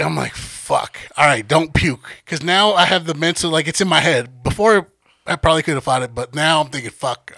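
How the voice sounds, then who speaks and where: A man's voice: on the high side, gravelly, no room sound, studio quality. A young man casually telling a profane party story, acting out what everyone said and laughing often. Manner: animated, acts out quotes, laughs often. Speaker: podcast guest storyteller.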